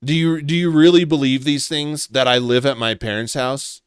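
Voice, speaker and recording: A commentary vlogger delivers a contemptuous, accusatory rant, swearing along the way. His medium-pitched voice is smooth and fairly even at normal speed, recorded in studio quality with no room sound.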